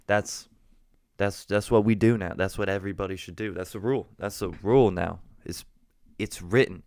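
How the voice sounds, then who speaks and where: A young man from New Jersey rambles through a jokey story on his casual vlog, frequently restarting sentences. His voice is lowish with fairly even intonation at a normal speed, and there is no room sound.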